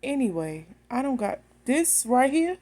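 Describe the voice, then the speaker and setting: A woman's voice: high-pitched, big pitch swings, a little slow, warm tone. A woman, telling a story bluntly and with animation straight to her phone camera. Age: 30s. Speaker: vlogger.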